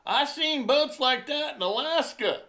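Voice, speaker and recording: A cocky, clueless young guy with a high, nasal, mocking whine, squeaking well above a normal speaking voice, as a man mimics him in a story. He sounds brash and smug. His tone is shrill and sneering. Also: unhurried, pushed and bright, heavily acted.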